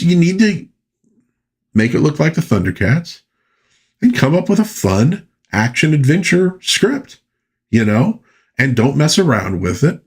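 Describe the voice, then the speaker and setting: Husky, lively-voiced man chatting casually. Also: mid-range voice. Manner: rambling, animated, folksy asides. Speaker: podcast host. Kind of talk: casual pop culture commentary.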